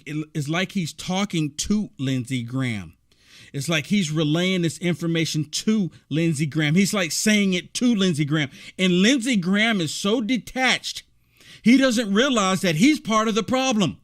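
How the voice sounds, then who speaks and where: High-voiced man ranting indignantly. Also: moderate pace. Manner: repetitive, rambling, indignant. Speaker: political commentary host. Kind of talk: ranting reaction commentary.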